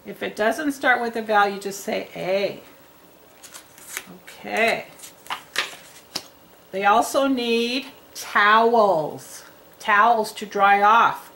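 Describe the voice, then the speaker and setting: A woman teaching young children to read, speaking in a clear, sing-song teacher voice. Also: mid-range voice, slow pace, pauses often, bright, forceful tone, slight background noise, low-quality recording. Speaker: reading teacher. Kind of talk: children's reading lesson.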